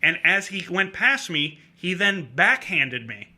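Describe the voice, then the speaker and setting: Middle-aged male comic with a very bright, sharp voice, spinning an animated anecdote on a radio show. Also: unhurried. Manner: animated anecdote-telling, acting out a drunk heckler in a high voice. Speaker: comedian guest. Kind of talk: casual storytelling on a talk show.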